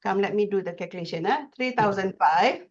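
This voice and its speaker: Animated woman with a Malaysian English accent. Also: mid-range voice, fairly quick, lo-fi sound, slight background noise. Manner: animated, emphatic storyteller. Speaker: corporate trainer, podcast guest. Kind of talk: casual podcast chat.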